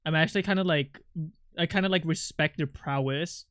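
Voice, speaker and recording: A man's voice: fairly high pitch, brisk, fairly bright tone, clean tone, no room sound. A male streamer who is not a native English speaker, chatting playfully with viewers, teasing and swearing freely into a close mic. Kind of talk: casual live-stream chat.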